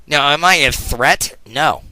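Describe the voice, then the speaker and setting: Fired up radio guy ranting at his listeners, kinda high, bright voice. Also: slow, dry recording, low-quality recording. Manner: angry, ranting, confrontational. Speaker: radio show host. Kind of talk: political talk radio monologue.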